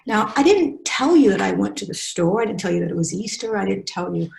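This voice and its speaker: A woman leads a writing webinar, talking fast and animatedly and restarting her sentences often. Her voice carries a gravelly fry. The room is echoey and the sound rings around her. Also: medium pitch, animated, darkish tone. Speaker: faculty webinar speaker. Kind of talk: teaching a webinar.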